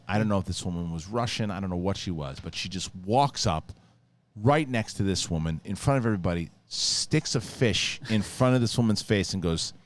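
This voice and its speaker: A middle-aged man hosting a casual chat, telling animated stories with frequent swearing and laughter. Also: lowish voice. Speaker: podcast host.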